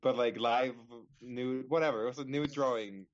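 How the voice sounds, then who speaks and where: Young male podcast co-host, mid pitch, rambling and casual, slightly muffled lo-fi audio. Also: steady tone, moderate pace. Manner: rambling storyteller, many fillers and restarts. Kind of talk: casual chat. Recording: slightly dull lo-fi sound.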